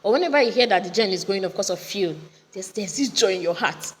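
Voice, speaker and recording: A woman with a Nigerian accent explaining a poem to students in a casual, lively way, often asking them questions. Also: medium pitch, fast talker. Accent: Nigerian English. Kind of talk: casual recorded lesson. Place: home with generators running nearby. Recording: audio recording, reverberant, faint generator noise.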